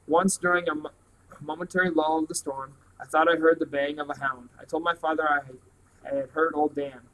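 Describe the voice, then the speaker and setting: A man reading a novel aloud at a plain, steady pace. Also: fairly high pitch, fairly quick, slight background noise, poor audio. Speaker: reader.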